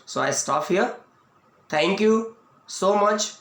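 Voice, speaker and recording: A man with an Indian English accent teaches a lesson in a video lecture, speaking slowly and deliberately and repeating each point. His voice sits fairly high. The recording rings with the echo of a roomy space. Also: animated, a bit bright. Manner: slow, repetitive explaining, restating each point. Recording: echoey room.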